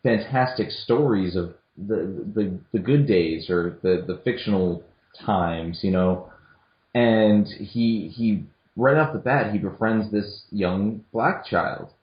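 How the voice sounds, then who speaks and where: Young male co-host, lowish voice, hesitant casual delivery, echoey lo-fi room. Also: slow pace. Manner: hesitant, many restarts and fillers. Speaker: podcast co-host. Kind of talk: casual film discussion. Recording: echoey room, dull lo-fi audio.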